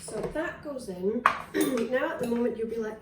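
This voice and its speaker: At a moderate pace and a slightly high pitch, a Scottish woman vlogging about wellness walks casually through cooking at home. The very noisy, distant, roomy recording picks up dishes, cutlery and pans clattering, and her chatty rambling includes fillers and restarts.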